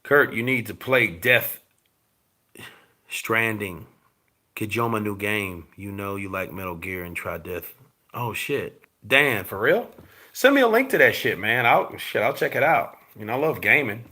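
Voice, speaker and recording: A man hosting a casual boxing show, reading viewer comments aloud and swearing freely as he jumps between loud outbursts and low mutters. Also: measured pace. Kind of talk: casual live-chat commentary.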